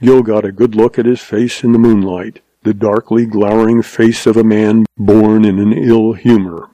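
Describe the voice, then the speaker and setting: A man giving steady, measured scripted narration of a western audiobook. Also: fairly low pitch, no echo.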